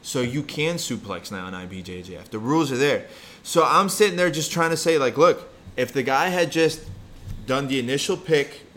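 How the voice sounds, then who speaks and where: A man making his case in casual podcast talk, blunt and heavy with swearing. His voice sits at an ordinary pitch, with faint room ambience underneath. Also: fairly bright tone, a little hiss or hum. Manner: blunt, profane, emphatic. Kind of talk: casual heated chat.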